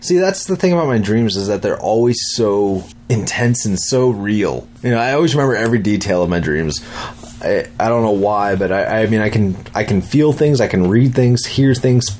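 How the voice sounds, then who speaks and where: In a lowish voice at a moderate pace, a young dad tells the story of a vivid dream. The casual account wanders, features swearing, and has lively restarts along the way.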